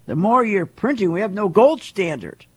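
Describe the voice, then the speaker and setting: Husky man on a heated market rant. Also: high voice, animated, moderate pace. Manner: heated, repetitive, rhetorical questions. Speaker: market commentator. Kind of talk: ranting monologue.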